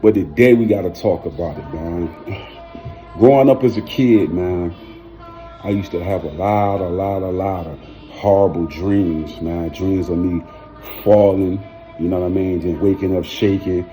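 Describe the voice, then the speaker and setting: A man's voice: deep voice, a little slow, mellow. A man hosting his own video, telling a story casually in a slangy way and filling his talk with "man" and "you know what I'm saying". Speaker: vlog host. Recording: music playing under the voice. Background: music.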